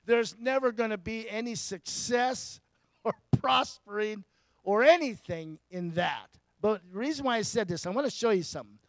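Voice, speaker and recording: A man with a fairly high voice preaches a sermon in an easy, conversational way. He often puts questions to the congregation and chuckles between points. The sound is dry and close, with little room echo.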